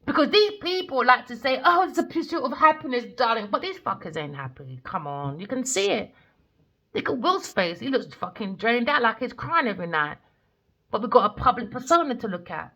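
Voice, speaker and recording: A woman rants bluntly as a tarot reader, swearing freely as she talks. Her higher voice is bright and forceful. Her pitch swings widely from line to line. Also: sing-song, normal speed. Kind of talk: ranting casual monologue.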